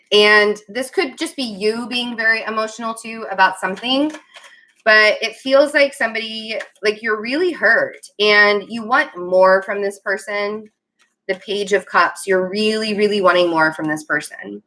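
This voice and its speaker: A woman's voice: medium pitch, unhurried, bright, forceful tone. A woman giving a casual tarot reading, rambling and giggling, often stopping to apologize. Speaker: tarot reader.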